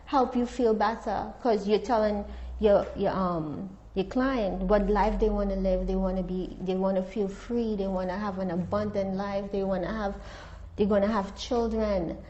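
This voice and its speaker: A woman's voice: mid-range voice, steady tone, normal speed, hardly any pauses, mellow, highs cut off, slight background noise. A woman therapist being interviewed, talking earnestly and reflectively about her work with clients. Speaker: therapist guest. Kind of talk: casual interview.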